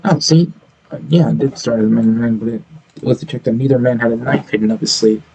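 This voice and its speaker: Gravelly-voiced streamer, blunt and profane, ranting reactions to clips. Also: male voice, medium pitch, fast, darkish tone, rough recording. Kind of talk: reaction commentary.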